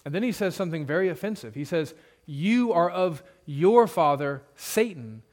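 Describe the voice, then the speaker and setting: A man's voice: a little high, animated, normal speed, a little mellow. A male pastor preaching an expository sermon in a conversational way, with humorous asides and points repeated for emphasis.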